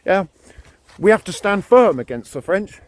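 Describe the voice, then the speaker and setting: A British man ranting to camera with a fairly high voice that swings widely up and down. He hammers his points home, repeating words and phrases as he goes. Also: very animated, moderate pace. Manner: ranting, emphatic, repeats himself. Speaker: vlogger. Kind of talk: opinion monologue to camera.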